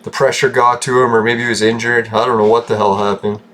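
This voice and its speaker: A man's voice: mid-range voice, little pitch movement, quick pace, a bit bright, slight background noise. A man from Canada giving rambling, casual commentary over gameplay, joking, swearing and laughing often. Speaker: gaming channel host.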